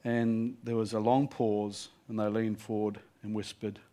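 A male preacher telling a story in a sermon, lively and animated, often laughing between lines. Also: fairly low pitch, measured pace.

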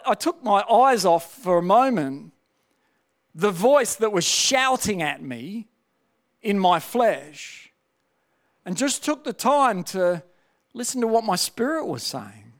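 A man preaches in a testimony style, asking his listeners rhetorical questions and restarting his sentences often. His voice sits high for a man. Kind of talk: sermon.

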